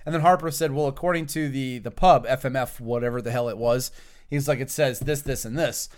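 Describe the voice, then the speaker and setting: A man's voice: mid-range voice, a little fast. A male podcast host telling stories in casual chat, acting out what people said and swearing freely. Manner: animated storyteller, acts out quotes, swears freely.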